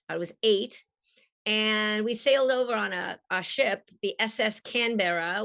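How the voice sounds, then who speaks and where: A woman from Australia with a mid-Atlantic accent and a husky voice, an animated storyteller who laughs often, chatting as a guest on a video call. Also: mid-range voice. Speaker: guest voice actress. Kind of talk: casual interview.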